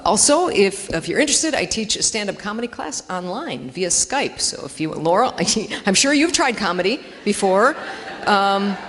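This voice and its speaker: With a lowish voice and fairly bright tone, a female comedian does self-mocking, chatty stand-up in a church hall. The live recording echoes around the room as she acts out dialogue in silly voices.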